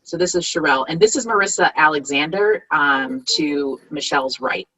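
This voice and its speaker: A woman giving an online workshop talk as a community organizer, earnest and halting, with frequent pauses and restarts. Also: sits low, lively intonation, pushed and bright, a little hiss or hum, low-quality recording. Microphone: video call.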